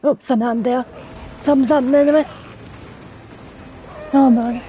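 A woman's voice: high-pitched, fairly even intonation, brisk, highs cut off, a little hiss or hum. A woman streaming a game, talking to herself casually and swearing often at what happens on screen. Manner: swears a lot, startled exclamations. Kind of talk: casual gameplay commentary.

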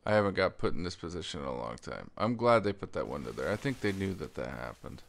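Low, gravelly man rambling over gameplay. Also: big pitch swings, fast, soft background music. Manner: rambling, full of fillers and restarts; stutters while explaining. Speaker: let's play gamer. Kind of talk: casual gameplay commentary.

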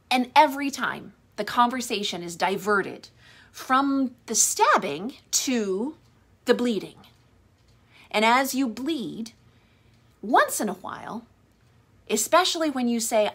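A woman's voice: fairly high pitch, expressive, slow, pauses often, fairly bright tone, slightly rough. A woman who works as a trauma recovery coach, giving earnest, pointed advice in a monologue.

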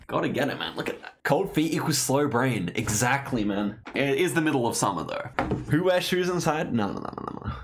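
A young Australian man hosting and casually commentating a streamed geography game, chatty and excitable, talking to his chat. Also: medium pitch, a little fast, a little hiss or hum. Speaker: host and player.

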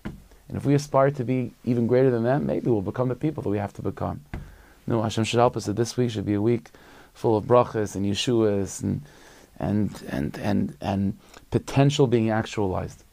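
A rabbi tells a story in a relaxed, conversational way, full of fillers. His voice is low and gravelly with a dark, mellow tone, recorded close and dry. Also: normal speed, dry recording. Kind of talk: storytelling talk.

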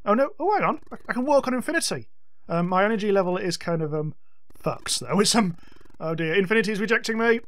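A man hosting a let's-play, giving excitable gameplay commentary and yelping and swearing at the game. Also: high-pitched, fast talker.

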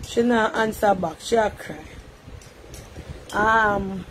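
A woman with a Jamaican accent hosting a live call-in stream, talking briskly and coaxing a caller. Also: mid-range voice, fairly bright tone, a little hiss or hum.

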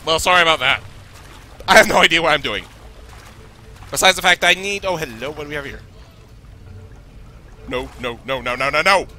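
Jumpy canadian guy playing a horror game, high piercing voice, bit hoarse, faint hiss behind. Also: normal speed, long pauses, sharp tone. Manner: nervous, jittery, talks to himself. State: losing his voice. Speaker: let's play gamer.

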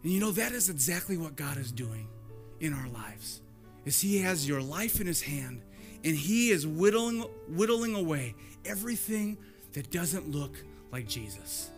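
A man's voice: a little high, sing-song, measured pace, faint music behind. A man preaching a sermon as pastor in a church, conversational and storytelling, repeating lines for emphasis.

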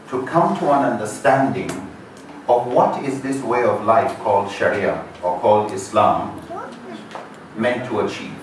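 A man giving an introductory lecture, talking in a measured, explanatory way and posing rhetorical questions to the audience. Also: medium pitch, slight background noise. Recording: echoey hall, mic far off.

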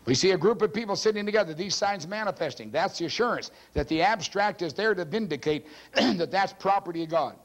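A male preacher with a fairly high voice delivers a teaching sermon from the pulpit. He pushes his points hard, swinging his pitch up and down. He clears his throat now and then between phrases. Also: lively intonation, a little fast. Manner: forceful, emphatic preaching with big swings in pitch. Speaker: pastor. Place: church pulpit.

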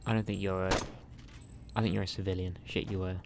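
A male gaming host giving rambling, joking let's play commentary with excitable reactions. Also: sits low, fast talker, heavy background noise.

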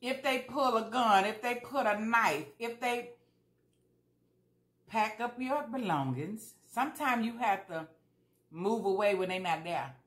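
A woman's voice: on the high side, a little slow, a bit bright, roomy sound. A woman vlogger talking casually while she eats, chatty and repeating herself for emphasis. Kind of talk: casual mukbang chat.

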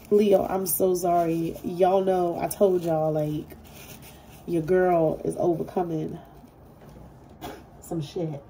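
Tarot reader, woman, casual and earnest, mellow low-toned voice with some gravel. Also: flat delivery, takes it slowly, long pauses, a little hiss or hum, poor audio. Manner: casual, heartfelt, swears freely; repetitive, soothing reassurance. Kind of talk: intuitive tarot reading to camera.

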